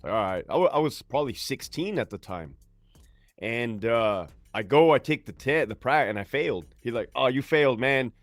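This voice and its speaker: Casting: man, 40s, from California, mid-pitched, laid-back and salty, swears freely, dry close sound. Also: lively intonation, normal speed, no echo, soft background music. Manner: laid-back, slangy, profane. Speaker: guest, army veteran. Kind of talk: casual storytelling interview.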